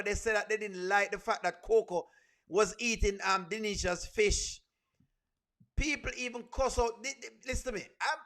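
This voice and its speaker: A man's voice: sits high, a bit bright. A Jamaican man hosting a comedic reaction video, repeating himself and breaking into laughter as he talks. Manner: repetitive, keeps breaking into laughter.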